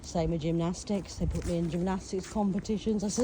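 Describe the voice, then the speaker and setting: A woman's voice: on the low side, steady tone, brisk, warm tone, a little hiss or hum. Theatrical, sardonic woman telling her life story. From England. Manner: theatrical, swears, acts out voices, breaks into song; sardonic, self-mocking asides. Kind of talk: casual storytelling monologue.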